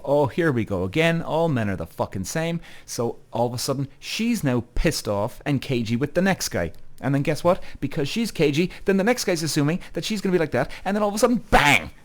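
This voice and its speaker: A man hosting a podcast, talking bluntly to his listeners and swearing often. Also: medium pitch. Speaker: podcast host. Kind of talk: casual rant.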